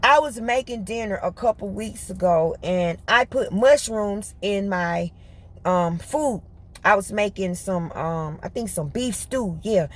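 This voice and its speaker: A woman telling a story to her viewers in casual, colloquial chat. She talks fast in bursts, is lively, and laughs often. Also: mid-range voice. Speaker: vlogger.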